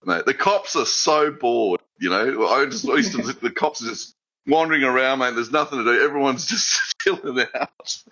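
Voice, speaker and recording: A man's voice: mid-range voice, expressive, normal speed, sharp tone, highs cut off. A man chatting on a call-in show, rambling and stumbling over his words as he tells stories. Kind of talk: casual chat on a call-in show.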